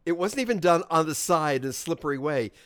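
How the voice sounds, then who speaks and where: Animated man chatting on a podcast. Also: a little high, fast talker, dry recording, studio quality. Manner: animated, tangent-prone storyteller. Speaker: podcast co-host. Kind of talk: casual chat.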